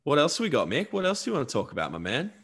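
A man's voice: fairly high pitch, wildly swooping pitch, racing, a bit bright, faint music behind. A man co-hosting a casual sports podcast, chatty and upbeat, reading sponsor plugs. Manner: upbeat, chatty, repeats catchphrases. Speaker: podcast co-host.

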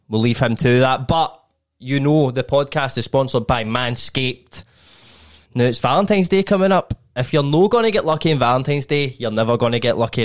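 Young man, podcast co-host, mid-pitched voice, laddish banter, swearing. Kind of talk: casual chat and read ad.

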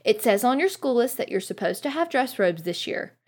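A woman's voice: on the high side, very animated, a little fast, darkish tone, slightly rough, pitched above the performer's own voice. A woman reading aloud and voicing a fussy, motherly middle-aged witch who scolds and bustles. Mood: insistent.

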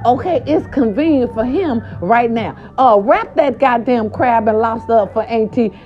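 A woman's voice: fairly high pitch, moderate pace, lightly acted. Woman putting on a famous music mogul, bossy, offhand orders, dull lo-fi sound. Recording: dull lo-fi recording.

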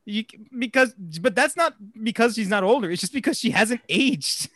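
A man's voice: extremely high pitch, expressive, moderate pace, fairly bright tone, no room sound. A man hosting a casual podcast about films, rambling and stumbling over his words and laughing often. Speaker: podcast host.

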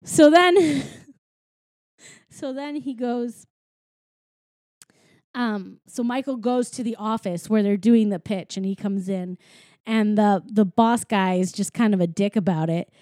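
A woman's voice: medium pitch, takes it slowly, pauses often, a little mellow, no room sound, clean studio sound. A woman casually retelling a film's plot as a podcast co-host, chatty and full of fillers. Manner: chatty, lots of filler and quoted voices.

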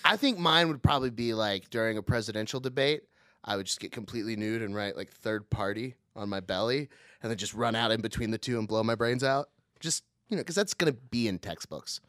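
A young man co-hosting a podcast, chatting loosely and laughing often through dark banter in a small studio. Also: lowish voice, brisk, no echo. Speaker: podcast co-host. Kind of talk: casual chat.

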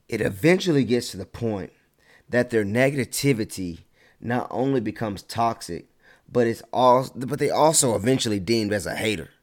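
A man giving a casual motivational talk, animated, stretching words for emphasis and mocking his critics. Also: mid-range voice.

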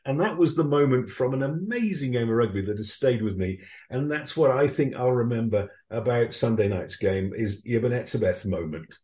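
A man with a dark, mellow voice talks through rugby memories for a podcast interview. He rambles reflectively, with frequent ums and restarts. His voice carries a noticeable room echo. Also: mid-range voice. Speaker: rugby correspondent.

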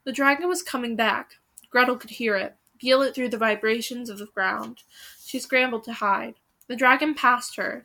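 A woman reads a fantasy story aloud, building suspense with dramatic pauses. Her voice is bright, sitting a little above the usual pitch. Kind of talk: reading a book aloud.

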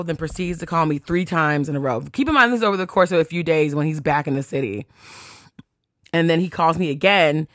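A female podcast host tells a casual story in a low voice, chatty and animated, reading out texts and swearing as she likes. The clean studio audio has no room sound.

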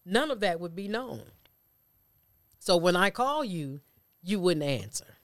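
A man's voice: high-pitched, big pitch swings, a little slow, fairly bright tone, no echo. Preacherly man on a dry podcast mic. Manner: preacherly, builds points with repetition. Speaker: church podcast co-host. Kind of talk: casual faith discussion.

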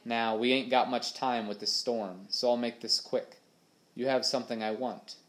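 A man voicing a cool, calculating male pirate captain who speaks low and threatening. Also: fairly even intonation, normal speed, fairly bright tone, lightly acted. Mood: menacing.

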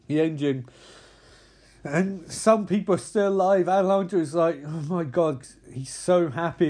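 Excitable man recapping a film. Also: a little high. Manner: animated, acts out characters' lines, swears a lot. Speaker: film commentator.

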